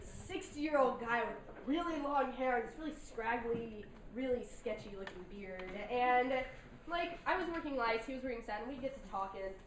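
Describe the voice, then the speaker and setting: A young woman doing a stand-up set, chatty and self-deprecating, laughing between lines. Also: high-pitched. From North Carolina mountains. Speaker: stand-up comedian. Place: large hall with an audience. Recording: echoey hall from far off, noisy.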